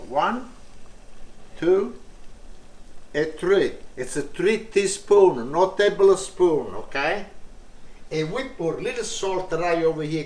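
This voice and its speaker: Older Italian man, slow lively cooking talk. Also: fairly high pitch, roomy sound. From Italy. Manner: broken English, enthusiastic, repeats "really, really". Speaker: home cooking host. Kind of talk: casual cooking demonstration. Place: home kitchen.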